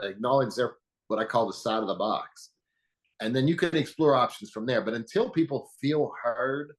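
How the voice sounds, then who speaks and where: A man speaking as an interview guest, calmly explaining in a teaching manner with examples. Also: mid-range voice, low-quality recording. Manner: calm, teaching, uses metaphors and quoted examples. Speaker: guest, anger management expert.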